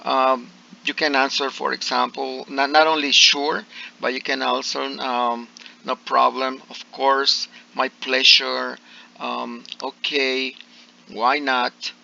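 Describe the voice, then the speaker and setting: A man's voice: mid-range voice, little pitch movement, slow, creaky, sharp tone. A male English teacher explaining pronunciation to a class, hesitant and full of fillers and restarts, on slightly dull audio.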